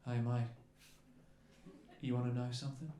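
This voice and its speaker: A man voicing a laid-back Australian man with a put-on Australian accent and a slow, relaxed drawl, in a stand-up routine. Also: medium pitch, slight background noise, pitched below the performer's own voice, lightly acted. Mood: breezy. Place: comedy club stage before a crowd. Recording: echoey club with crowd laughter.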